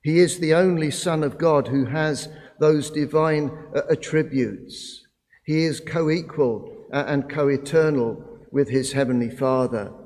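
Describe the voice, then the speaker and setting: A man preaching a sermon in a slow, deliberate way, pausing often with "uh" between phrases. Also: fairly high pitch, a little mellow, big-room sound. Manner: slow, deliberate delivery with frequent "uh" pauses.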